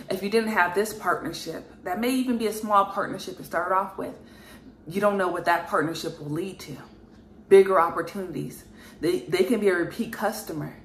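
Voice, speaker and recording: A woman giving an earnest spiritual reading to camera, emphatic and repeating herself, with frequent sighs. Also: fairly low pitch. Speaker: spiritual reader. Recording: echoey room with faint noise.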